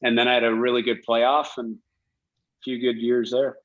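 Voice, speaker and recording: A man's voice: mid-range voice, moderate pace, muffled recording. A middle-aged man, a former hockey player, telling stories casually in an interview and acting out the quotes. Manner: animated storyteller, acts out quotes, laughs.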